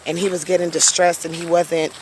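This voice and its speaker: A young woman telling her birth story in a casual, animated way, full of "you know" and "right?", talking into her phone while out on a walk. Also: fairly low pitch, a little fast, a little hiss or hum. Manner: animated, conversational, heavy use of fillers like "you know" and "right?". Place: outdoors, on a walk.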